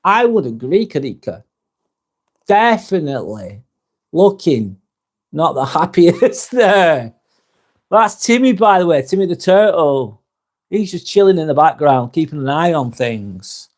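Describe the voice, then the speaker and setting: A man's voice: on the high side, very animated, unhurried. A man with a Northwest English accent hosting a casual live vlog, chatting loosely, reading viewer comments aloud and swearing now and then. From Northwest England. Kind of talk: casual livestream chat.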